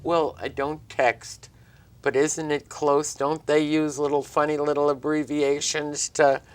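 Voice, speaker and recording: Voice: mid-range voice, flat delivery, a little slow. A local TV host chatting casually with a guest, often finishing the guest's sentences. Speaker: talk show host. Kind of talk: casual interview chat. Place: local TV studio.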